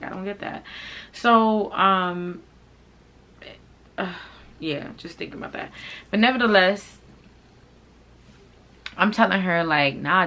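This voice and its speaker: Low gravelly woman telling a storytime. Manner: blunt, profane, animated, heavy use of "like". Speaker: fashion channel vlogger. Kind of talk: casual storytime monologue.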